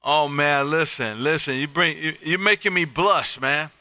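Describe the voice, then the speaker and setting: A man from Texas, hosting a live-streamed ham radio session and working contacts in a loud, upbeat, friendly way. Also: a little high, moderate pace, noisy background. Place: home radio room.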